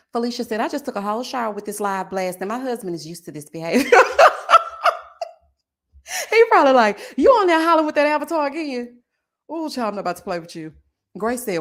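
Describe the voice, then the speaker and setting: A woman in her forties hosting a live stream, chatting casually with her viewers and reading their comments aloud, sassy and animated, laughing often. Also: medium pitch. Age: 40s. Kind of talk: casual chat.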